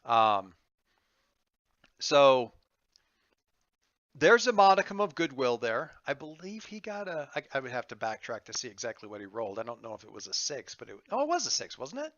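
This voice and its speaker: A man's voice: mid-range voice, big pitch swings, normal speed, fairly bright tone, dry recording, lo-fi sound. A man running a tabletop role-playing game as game master, thinking aloud in a rambling, playful way with lots of fillers. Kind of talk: running a tabletop game over an online call.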